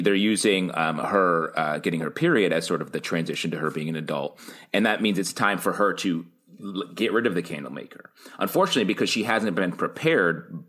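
A man co-hosting a TV recap podcast, teasing the others and calmly arguing his own take. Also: low-pitched. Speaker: podcast co-host. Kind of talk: casual TV recap chat.

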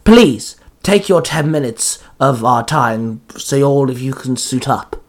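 A man's voice: mid-range voice, animated, takes it slowly. A man voicing a possessed male ice spirit, a menacing villain who sneers and cackles in a storybook reading. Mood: sneering.

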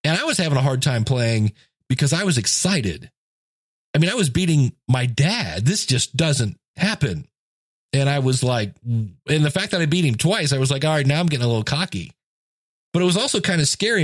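A man's voice: medium pitch, very animated, normal speed, husky, no echo, clean studio sound. A man in his fifties giving a casual motivational monologue, telling stories and acting out quoted voices. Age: 50s. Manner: storytelling, acts out quoted voices.

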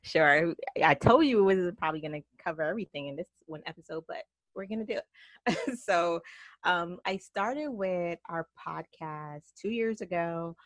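Brief: woman, 30s, Jamaican-New York accent, low voice, earnest guest who laughs easily. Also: moderate pace, no room sound. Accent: Jamaican mixed with New York. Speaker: guest entrepreneur. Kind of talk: podcast interview.

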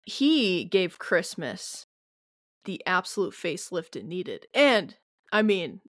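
A woman's voice: lowish voice, very animated, takes it slowly, a bit bright, no echo, studio quality. A woman co-hosting a podcast in a casual, hesitant way, with many filler words and some mild swearing. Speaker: podcast co-host. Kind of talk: casual chat.

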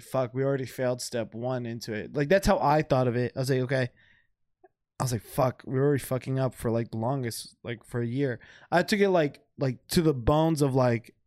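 A man's voice: medium pitch, darkish tone, dry recording, clean studio sound. A young man co-hosting a podcast in casual chat, loose and profane, full of fillers. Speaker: podcast co-host. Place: home.

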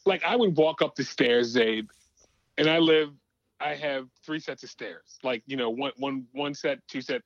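A man's voice: mid-range voice, measured pace, no echo, lo-fi sound. A man telling a rambling story in a casual radio chat, with many restarts. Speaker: show regular.

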